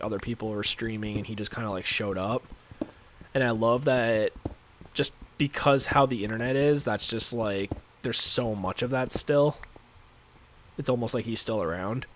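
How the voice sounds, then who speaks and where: A man's voice: mid-range voice, slight background noise. Rambling congested male gaming streamer. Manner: rambling, filler-heavy, chatty with viewers. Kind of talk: casual live-stream chat while playing.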